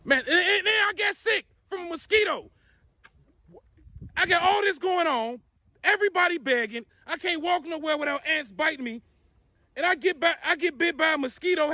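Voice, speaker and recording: A man telling a profane, animated personal story in casual storytime style. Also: very high voice, no room sound.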